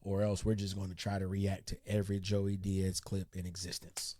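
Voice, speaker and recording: A man hosting a reaction video, chatting casually in a relaxed, slang-heavy way about his father. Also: low-pitched, normal speed, no echo. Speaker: reaction channel host.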